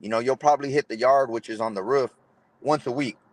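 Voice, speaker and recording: A man's voice: mid-range voice, fast talker, no room sound. A young man, telling a personal story in an interview in laid-back street slang, often saying "bro" and acting out what people said. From Los Angeles area, California. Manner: street slang, says "bro" a lot, retells dialogue. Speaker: interview guest.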